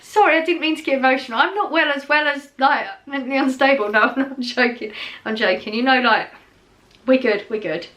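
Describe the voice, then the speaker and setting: Middle-aged woman, vlogger, relaxed rambling chat to camera, voice sitting a touch high. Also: fairly quick. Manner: chatty and rambling, with many fillers and restarts.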